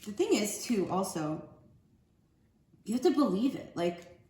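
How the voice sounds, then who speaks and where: A woman's voice: mid-range voice, sing-song, measured pace, dark tone. Rambling woman reading oracle cards. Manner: loose, rambling, slangy chat. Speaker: spiritual card reader. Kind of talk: casual oracle card reading. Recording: echoey room with faint ambient noise.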